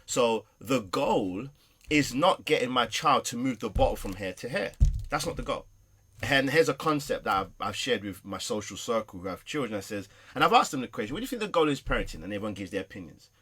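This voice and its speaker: A man speaking as a guest in a casual conversation, explaining his ideas emphatically, with a husky voice. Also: medium pitch, lively intonation, fairly quick, fairly bright tone. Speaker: guest, parenting consultant.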